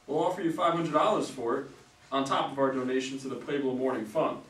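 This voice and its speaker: An actor reading the part of an eager newlywed husband in a plain stage-reading delivery. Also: male voice, medium pitch, fairly even intonation, fast, fairly bright tone, natural voice. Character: cheerful young newlywed husband. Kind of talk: reader's theater stage reading. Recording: echoey hall from far off.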